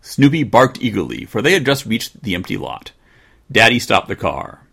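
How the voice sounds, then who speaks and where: A man hosting a podcast, reading a children's storybook aloud in an expressive way with dry humor. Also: on the low side, moderate pace, vocal fry, husky. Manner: expressive, dryly joking. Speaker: podcast host.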